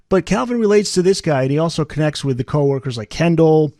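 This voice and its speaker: A man's voice: on the high side, expressive, quick pace, dark tone, no room sound, studio quality. A man hosting a podcast interview, asking conversational questions and reading passages aloud. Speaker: podcast host.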